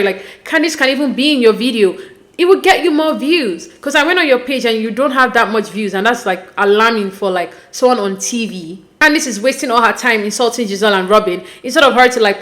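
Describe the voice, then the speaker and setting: This woman from Nigeria speaks quickly with a voice on the high side, hosting a reality TV recap full of casual, animated, opinionated commentary and regular exasperation.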